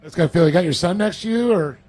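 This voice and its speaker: A man hosts a live off-road racing event and interviews drivers one after another. His voice is high for a man, and he keeps the energy up the whole time. The interviews are recorded outdoors at the event. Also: quick pace, low-quality recording. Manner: energetic and hyped, cheers drivers on.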